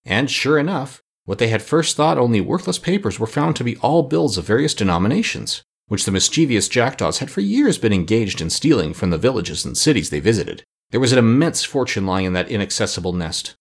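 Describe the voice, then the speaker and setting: A man narrating a storybook chapter in an expressive, lively way. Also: medium pitch, breathy edge. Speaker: audiobook narrator. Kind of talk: scripted narration.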